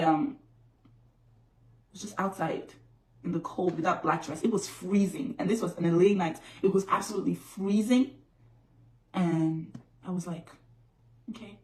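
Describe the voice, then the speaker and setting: A woman's voice: fairly low pitch, measured pace, pauses often, far from the mic, slight background noise. A woman vlogger telling a personal story to her viewers, repeating phrases for emphasis. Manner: repetitive, emphatic retelling. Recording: roomy echo.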